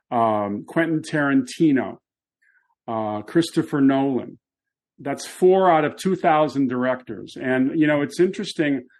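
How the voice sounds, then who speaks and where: A man's voice: medium pitch, a little mellow. A man co-hosting a podcast about classic Hollywood, explaining films in a thoughtful, conversational way. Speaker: podcast co-host. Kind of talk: casual film discussion.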